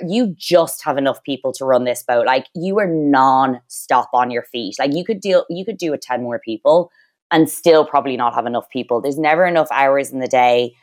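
A young woman from Dublin with an Irish accent, chatting as a podcast guest, rambling with fillers and restarts. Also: rumbling low. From Ireland. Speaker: guest, former reality show crew member. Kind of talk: casual podcast chat.

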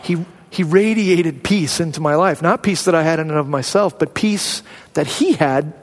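An earnest male pastor from Arizona tells a personal story during his sermon. He talks in a candid, conversational way, full of restarts. His voice sits high, and a long reverb trails behind each phrase as in a large hall. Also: moderate pace. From Arizona, USA.

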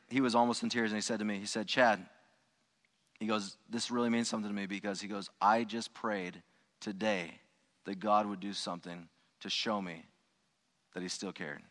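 A man's voice: on the low side, steady tone, moderate pace, bright, forceful tone. A man, a pastor, telling a personal story to his congregation in a loose, conversational way with frequent restarts and asides. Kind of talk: storytelling sermon. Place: church sanctuary. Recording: long hall reverb.

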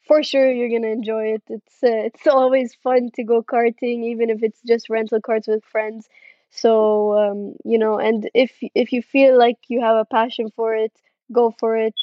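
Young woman on a video call, kinda high voice, dry muffled sound, lots of ums and laughs. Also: level tone, moderate pace, no room sound. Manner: friendly, hesitant with many fillers, laughs often. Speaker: karting driver guest. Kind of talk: casual interview answers.

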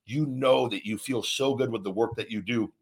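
Speaking at a moderate pace in a husky, mid-range voice with vocal fry, a former wrestler hosts a motivational podcast. He talks earnestly about work and confidence, rambling and restarting often.

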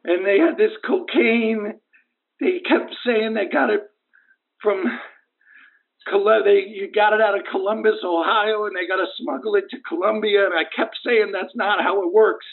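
A man voices a bruised, rambling young football player who drifts from hushed mumbling into raised, cracking cries. His voice sits a little high and comes through a tinny phone line. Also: steady tone, normal speed. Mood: bewildered. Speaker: caller. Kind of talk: comic prank call.

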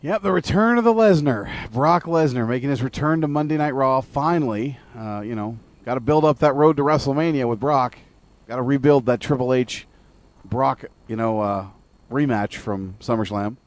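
A man's voice: mid-range voice, normal speed, no room sound. A man co-hosting a radio show, rambling through his opinions and searching for words. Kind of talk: casual wrestling talk.

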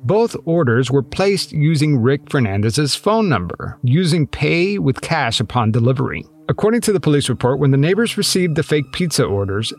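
A man hosting a true-crime podcast, reading scripted narration in a measured, pointed, lightly sarcastic way. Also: medium pitch. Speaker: podcast host.

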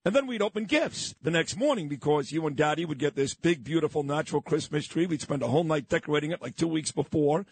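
A man's voice: a little high, expressive, fast, creaky, hardly any pauses, husky. A middle-aged man from Brooklyn, hosting a morning radio show and telling stories in a nostalgic way. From Brooklyn, New York. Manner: nostalgic, storytelling. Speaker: radio host. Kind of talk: casual radio chat.

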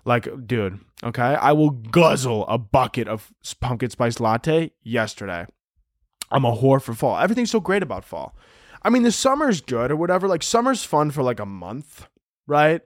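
A man's voice: mid-range voice, moderate pace, dry recording, studio quality. Man ranting crudely on a podcast. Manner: crude, hyperbolic, deadpan-absurd ranting with frequent "dude". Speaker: podcast host. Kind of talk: comedic solo podcast rant.

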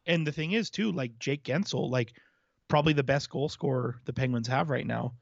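A man's voice: mid-range voice, normal speed, creaky, no echo, dull audio. A man co-hosting a hockey podcast in casual chat, laying out his points at length in an analytical way. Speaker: podcast co-host.

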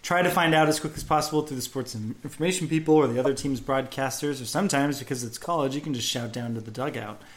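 A man's voice: mid-range voice, quick pace, few pauses. A man co-hosting a casual sports podcast, chatty and self-deprecating, working through name pronunciations. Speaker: podcast co-host.

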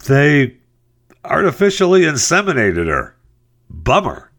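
A male talk show host giving sarcastic, exasperated commentary on the news, jumping between a high mocking tone and a low grumble. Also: wildly swooping pitch, unhurried, a bit bright.

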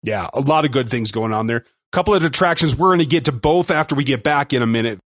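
A man co-hosting a sports podcast, talking through a game in an upbeat, quick, casual way. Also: mid-range voice, expressive, a bit bright, no echo, clean studio sound. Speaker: podcast co-host.

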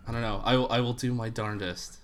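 A man joining a podcast chat, playful and quick to laugh. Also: medium pitch, little pitch movement, a little hiss or hum. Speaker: podcast guest. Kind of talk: casual chat.

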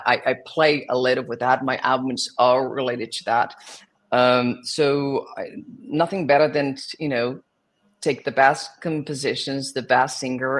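A man's voice: medium pitch, fairly bright tone. Brazilian-accented young man, guest in an interview, hesitant phrasing, Portuguese native speaker. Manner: searching for words, many restarts. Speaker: guest singer and actor. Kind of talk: interview answers.

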